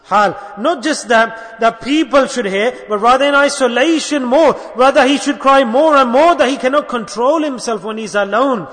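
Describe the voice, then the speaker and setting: A man's voice: very high-pitched, moderate pace, few pauses, fairly bright tone, big-room sound. A man giving an Islamic sermon, emphatic and repetitive, asking the listeners rhetorical questions. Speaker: Islamic preacher.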